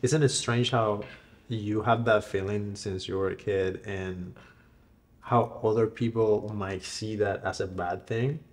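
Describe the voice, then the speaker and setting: A man with a fairly low voice asks questions in an easy, conversational tone. He sometimes drifts into his own memories before coming back to the guest. His delivery stays relaxed and unhurried. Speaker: interviewer, filmmaker. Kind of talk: casual interview questions.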